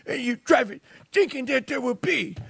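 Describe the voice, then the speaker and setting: A man putting on a shrill, scolding voice of an outraged young female activist. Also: expressive, moderate pace, creaky, fairly bright tone, breathy edge, no room sound, full character voice. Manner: shrieking, scolding.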